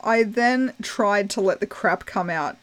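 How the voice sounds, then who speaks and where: A woman's voice: medium pitch, a little slow, a bit bright. A woman reading a story aloud to a co-host, amused and breaking into laughs, acting out the quoted voices.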